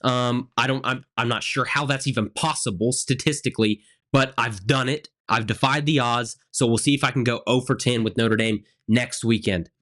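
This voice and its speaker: An animated man hosting a college football reaction show. He talks in an emphatic, conversational way, repeating phrases to drive his points home, with a middle-range voice. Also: medium pitch, moderate pace, few pauses. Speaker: sports show host.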